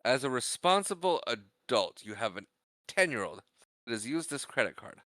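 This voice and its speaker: A young man co-hosting a podcast retells a movie scene in casual conversation, speaking in a mid-range voice at normal speed with no room sound. His retelling is animated: he acts out the characters' lines and laughs often.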